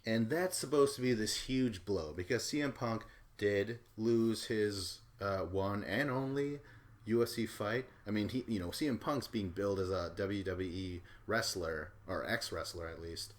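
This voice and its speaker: A man's voice: lowish voice, a little slow. A man hosting a podcast, rambling casually through a recap and swearing offhandedly. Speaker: podcast host.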